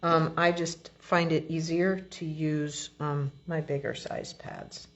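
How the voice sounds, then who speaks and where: A woman demonstrating card making, explaining each step in a relaxed, chatty way as she works. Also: sits low, takes it slowly, lo-fi sound, a little hiss or hum. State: has the hiccups. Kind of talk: crafting tutorial.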